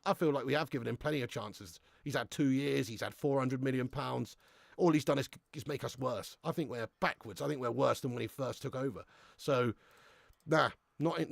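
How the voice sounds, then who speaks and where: A young man hosting a live football watch-along, excitable and sweary, ranting and chatting with his viewers. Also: on the high side, creaky, no room sound, clean studio sound. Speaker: host of a fan watch-along stream.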